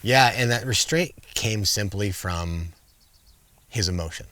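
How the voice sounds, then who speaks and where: A middle-aged man in casual interview chat, an animated storyteller who acts out the commands he once gave his bear. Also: lowish voice, measured pace, dry recording. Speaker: guest, wildlife filmmaker.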